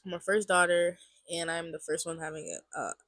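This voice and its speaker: Speaking to camera, a woman in her twenties tells her testimony casually, sounding stuffed up, wandering off track, circling back to the same phrases and filling gaps with "like." She talks fairly quickly in a lowish, flat, slightly bright voice, recorded with no room sound.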